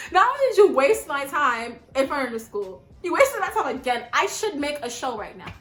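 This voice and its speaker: A woman in her twenties from New York telling a story-time vlog, animated and slangy, acting out the dialogue. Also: sits high, a little fast, few pauses, roomy sound. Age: 20s. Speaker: vlogger.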